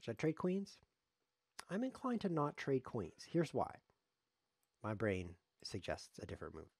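Man, chess streamer, sarcastic running commentary, pitch swinging up and down, dry close sound. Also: wildly swooping pitch, measured pace, a little mellow, breathy edge, no echo. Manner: sarcastic, joking, talks to himself while playing.

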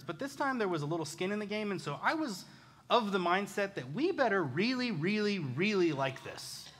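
A pastor in his thirties preaches in a relaxed, self-mocking storytelling way. His voice sits a little high and rings bright. The sound carries a long reverb from the church hall. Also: a little fast. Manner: casual, self-deprecating storytelling. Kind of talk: sermon. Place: church sanctuary.

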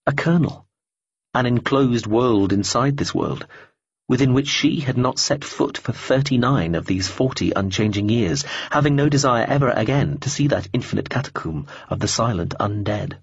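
A man narrating an audiobook in a measured, even reading, in a dull lo-fi recording. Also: mid-range voice, vocal fry, breathy edge, no room sound.

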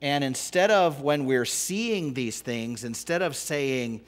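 A middle-aged man preaching a sermon as pastor, pausing often and rising to loud, emphatic peaks. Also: mid-range voice.

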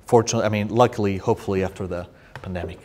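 Lively Spanish-accented man. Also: on the low side, very fast. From Spain. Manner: restarts often, animated storytelling. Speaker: poetry translator and guest speaker. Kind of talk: answering audience questions. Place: university room.

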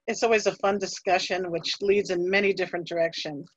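A woman's voice: on the low side, steady tone, a little fast, dry recording. A woman presents library resources on a museum livestream, friendly and chatty. Her voice comes through dull and muffled, in a dry setting with no room sound. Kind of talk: presenting a talk, then casual discussion.

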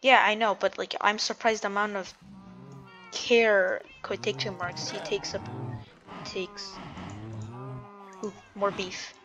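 A woman chats her way through a block-building game, thinking aloud and interrupting herself. Her voice sits at an everyday middle pitch. Her words are peppered with "like". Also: little pitch movement, slow, long pauses, bright, forceful tone. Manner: chatty, hedging with "like", self-interrupting. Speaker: gamer and video creator. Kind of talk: casual gameplay commentary.

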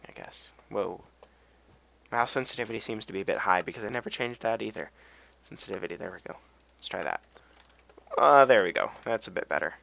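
A man's voice: on the low side, creaky, fairly bright tone. A tired young man rambling through casual game commentary, with self-deprecating asides and a voice that cracks now and then. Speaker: let's play gamer.

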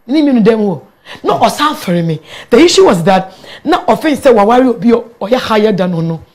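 A woman with a Ghanaian accent, a guest telling her own story in an interview, animated and quick to laugh, mixing local words into her English. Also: fairly high pitch. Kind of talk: candid personal storytelling in an interview.

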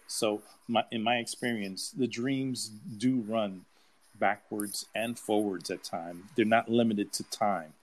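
Male audience member, lowish voice, halting personal account. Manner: hesitant, many fillers and stammered restarts.

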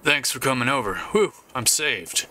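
A man's voice: lively intonation, moderate pace, sharp tone, slight background noise. A man voicing a pantsless young man who keeps pleading and whining to borrow someone's trousers. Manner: high, wheedling pleas.

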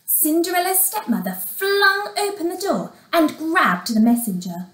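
A woman teacher reads a fairy tale aloud to little children, slow and expressive, with a high, animated voice. She sometimes asks her listeners questions. The recording sounds roomy and echoey. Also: distant mic. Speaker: primary school teacher. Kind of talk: reading a storybook aloud to young children.

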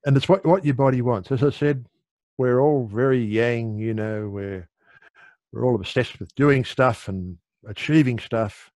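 A man's voice: medium pitch, measured pace, a little mellow, no echo. A middle-aged man explaining meditation in an easygoing, conversational way, often restarting his sentences. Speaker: meditation teacher.

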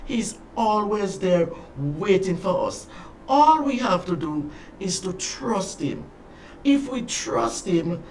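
A children's storyteller speaks slowly and dramatically, leaning on repeated phrases and ending with a prayer. The pitch swoops in a lively way while the pace stays unhurried. It sounds caught from some distance, with a faint ambient hum behind it.

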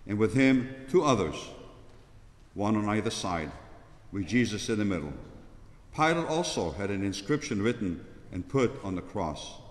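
A man narrating the Passion in a steady, measured liturgical reading in a large church. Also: fairly low pitch. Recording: echoey church with long reverb.

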